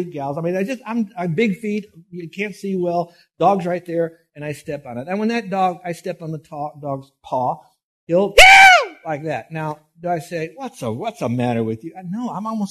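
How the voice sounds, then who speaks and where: A man's voice: a little high, darkish tone, slightly rough. A middle-aged male pastor preaching a folksy, anecdote-filled sermon, often restarting his words.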